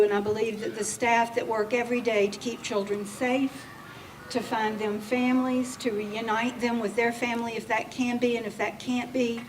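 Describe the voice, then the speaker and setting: A woman, speaking as an agency official at a public reception. She talks in a heartfelt, emotional way while presenting awards. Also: fairly high pitch. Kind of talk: public speech at an event. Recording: distant mic with faint background noise.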